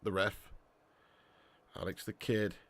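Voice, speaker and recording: A man's voice: lowish voice, fairly even intonation, slow, fairly bright tone, no echo. A young man hosting a casual live watch-along, reading chat and bantering with viewers as lad and mate.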